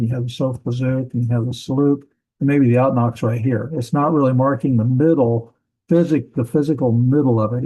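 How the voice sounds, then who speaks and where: Mellow-voiced man teaching a hesitant lecture. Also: mid-range voice, low-quality recording. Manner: explanatory, hesitant with many fillers and restarts. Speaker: Bible language teacher. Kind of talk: classroom lecture.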